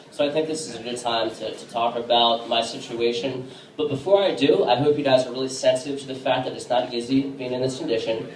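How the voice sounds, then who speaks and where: A man performing a casual stand-up set on a bar stage, with a halting delivery full of fillers. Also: medium pitch. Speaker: stand-up comedian. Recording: echoey room from a distance.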